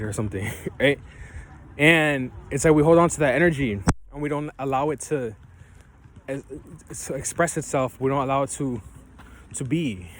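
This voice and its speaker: Standing outdoors on leaf-covered ground, a man with a mid-pitched voice speaks directly to the camera, offering loose, rambling life advice in a casual motivational talk. He constantly checks in with viewers, asking "right?" and "you feel me?". Faint street noise and passing cars can be heard behind him.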